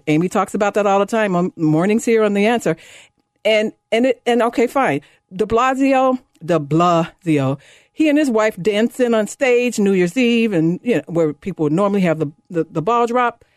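A woman in her fifties hosting a talk radio show, delivering a fired-up, sarcastic monologue that climbs high when she gets indignant. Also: a little fast, a little mellow, no room sound, clean studio sound. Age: 50s. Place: radio studio. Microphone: studio microphone.

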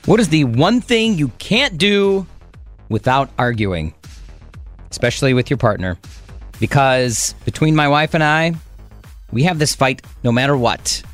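A middle-aged man, hosting a casual radio chat and telling a story with animated back-and-forth voices. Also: mid-range voice, measured pace, soft background music. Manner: animated storytelling, acting out both sides of an argument. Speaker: radio host.

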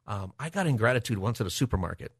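A man hosting a Christian talk radio show, speaking in a relaxed, conversational way with many filler words. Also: lowish voice, fast talker, breathy edge, no echo, clean studio sound. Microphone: studio microphone.

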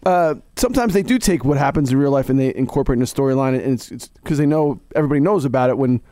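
A man's voice: medium pitch, racing, warm tone, no echo, studio quality. A man co-hosting a podcast, talking in easygoing, slightly hesitant casual chat. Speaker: podcast co-host.

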